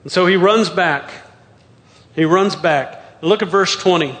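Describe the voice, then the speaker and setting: A man with a high voice preaches a sermon, moving through scripture verse by verse. He asks pointed rhetorical questions as he goes. His voice rings out with a long reverb tail, as if from a large hall. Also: measured pace, a bit bright. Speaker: pastor.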